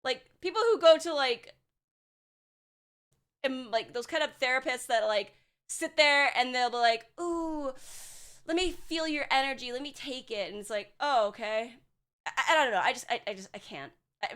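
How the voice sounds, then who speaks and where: A young woman streaming as a VTuber chats casually and bluntly with her chat, swearing, being sarcastic, and using lots of filler words. Her voice is high-pitched and a bit bright, with a clean tone.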